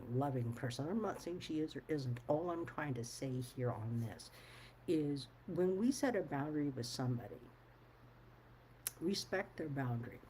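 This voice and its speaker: A woman's voice: sits low, darkish tone, slight background noise, poor audio. A woman speaking her mind in a casual monologue to camera, blunt and firm, swearing freely and stressing her points. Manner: firm and emphatic. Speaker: vlogger.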